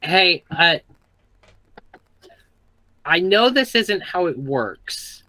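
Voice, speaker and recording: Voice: mid-range voice, sharp tone, poor audio. A player at a tabletop game, chatting casually and swearing now and then.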